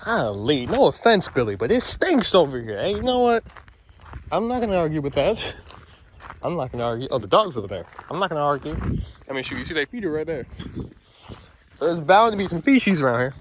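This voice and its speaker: Chatty man filming outdoors, lively voice. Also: on the high side, a little fast, slight background noise. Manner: chatty, talks to the animals, teasing. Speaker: vlogger. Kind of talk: casual vlog chat while walking. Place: outdoors at a farm or petting zoo.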